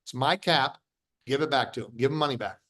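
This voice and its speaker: In a casual interview, a middle-aged founder of a company talks a little fast in a mid-range, fairly bright voice. His style is blunt and forceful, full of repetition and restarted sentences, and he voices the dialogue he quotes in stories.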